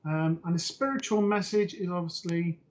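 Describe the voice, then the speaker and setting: A man's voice: high-pitched, fairly even intonation, moderate pace, a little mellow, dull audio. A man co-hosting a live psychic show, reading out viewer greetings and questions with a teasing manner. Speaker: psychic medium co-host.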